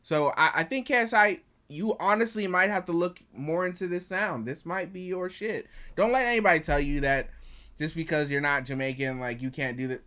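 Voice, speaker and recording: A man's voice: on the high side, normal speed, bright, forceful tone. A young man casually reviewing an album as he reacts to it, slangy and profane, with chatty asides to his viewers.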